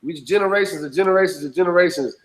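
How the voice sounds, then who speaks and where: A high-pitched man talks very fast on a rough recording, casual and blunt, swearing freely. His emphatic street talk is studded with repeated phrases checking that his listener follows.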